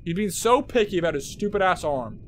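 A young man streaming a horror game, jumpy and swearing, talking to his chat and shouting at those who laugh at him. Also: high voice, expressive, a little fast, slight background noise. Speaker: gaming streamer. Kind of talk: live horror game commentary. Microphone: headset.

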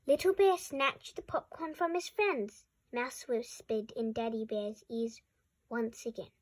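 Give me a high, husky woman reading aloud. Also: steady tone, measured pace. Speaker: storybook reader. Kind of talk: reading a picture book aloud.

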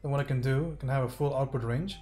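A man's voice: medium pitch, fast talker, dark tone. A man giving a casual livestream art tutorial, chatting and swearing freely with his viewers. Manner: chatty, swears, talks to chat. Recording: roomy echo, faint music.

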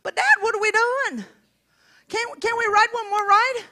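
A woman voicing an eager little girl who begs her father with quick questions. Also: extremely high pitch, sharp tone, pitched above the performer's own voice, heavily acted. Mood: pleading. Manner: whiny, begging, breathless questions.

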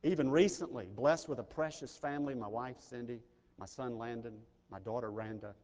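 A middle-aged pastor from Mississippi, preaching an earnest, personal sermon that swells in intensity. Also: male voice, mid-range voice, fairly quick, darkish tone. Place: large chapel. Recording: chapel recording with long reverb.

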